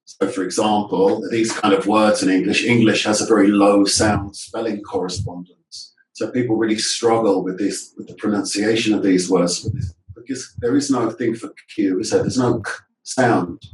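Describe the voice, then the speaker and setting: A man's voice: lowish voice, fairly even intonation, normal speed, a little hiss or hum. A male teacher trainer giving a webinar presentation on a video call. He explains points and drills words aloud, often asking rhetorical questions. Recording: echoey room audio from a distance.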